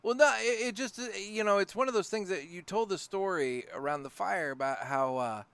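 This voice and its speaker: A man co-hosting a podcast, talking in a relaxed, rambling way while he asks questions and reviews a cigar. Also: high voice, fairly quick, clear, resonant tone, dry recording. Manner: relaxed, rambling, with filler and restarts. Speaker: podcast co-host. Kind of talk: casual podcast chat. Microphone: studio podcast mic.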